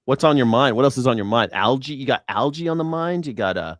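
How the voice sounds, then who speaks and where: A man's voice: mid-range voice, lively intonation, quick pace, dry recording. A man hosting a casual live-stream chat, swearing freely and joking in mock accents. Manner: profane, jokey, mimics accents. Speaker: show host.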